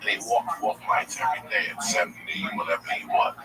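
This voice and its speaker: A man in his forties telling a long personal story as a guest, casual and profane, with animated delivery. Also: fairly low pitch, brisk. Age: 40s. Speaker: comedian guest. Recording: distant mic with loud background noise.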